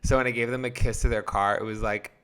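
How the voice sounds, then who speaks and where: A man's voice: mid-range voice, steady tone, quick pace, fairly bright tone, smooth. A young man co-hosting a podcast, telling a story in a rambling, hesitant way with many restarts. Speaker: podcast co-host. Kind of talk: casual chat.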